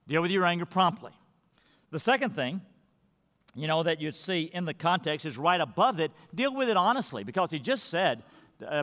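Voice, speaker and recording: A man preaching a sermon as pastor, swinging between loud, emphatic peaks and hushed, quiet lines. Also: a little high. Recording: long reverb of a large hall.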